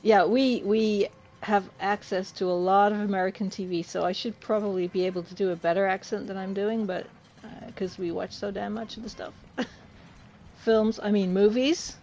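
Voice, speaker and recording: A woman's voice: medium pitch, flat delivery, normal speed, darkish tone, a little hiss or hum. A woman from the UK chatting casually with her livestream chat while playing, laughing often. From United Kingdom. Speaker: game streamer.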